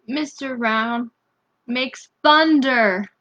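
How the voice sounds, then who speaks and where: A woman reads a children's picture book at a slow, unhurried pace, her voice sitting a little high. She pauses to ask the young listeners questions as she goes. The recording sounds a bit dull and lo-fi. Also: fairly bright tone. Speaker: storybook reader. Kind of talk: bedtime story reading to children.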